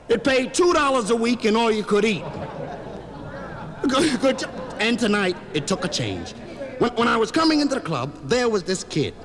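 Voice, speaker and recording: A man performing a stand-up comedy routine in a club, an animated storyteller who acts out every character. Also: extremely high pitch.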